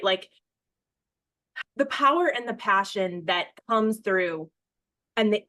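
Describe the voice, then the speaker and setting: A woman's voice: mid-range voice, fairly bright tone. An American woman in her thirties hosting a podcast, chatting in a gushing, rambling way and often breaking off mid-sentence. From United States. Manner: gushing, rambling, self-interrupting. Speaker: podcast host. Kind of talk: casual podcast chat.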